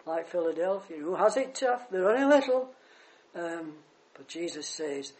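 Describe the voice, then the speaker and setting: Older preacher in an echoey church. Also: male voice, high-pitched, moderate pace. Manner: animated storytelling, swells loud on key words. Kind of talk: sermon with personal anecdote.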